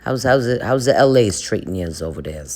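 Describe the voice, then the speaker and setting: A gruff, rambling middle-aged dad from New Jersey, put on by a man. He talks in a thick New Jersey accent, circling back over his own words, his pitch swinging up and down. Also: animated, fairly quick, darkish tone, natural voice. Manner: gruff, rambling, repeats itself.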